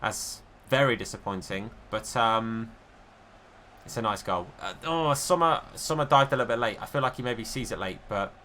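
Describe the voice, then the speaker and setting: A man and gaming YouTuber giving chatty, self-deprecating live commentary over his own football video game, swinging between excited and deflated. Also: on the low side, normal speed, a little hiss or hum.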